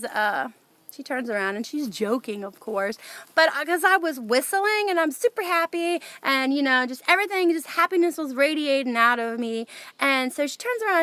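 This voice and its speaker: Excited high-voiced woman telling a story. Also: dry recording. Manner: excited, animated, rambling with many fillers. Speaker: vlogger. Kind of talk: casual storytelling to camera. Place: outdoors near her house.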